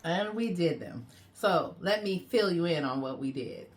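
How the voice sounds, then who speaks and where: A woman's voice: fairly low pitch, lively intonation, a little slow. A woman co-hosting a parenting vlog, telling a story in a playful, casual way. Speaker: vlog co-host. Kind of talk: casual chat.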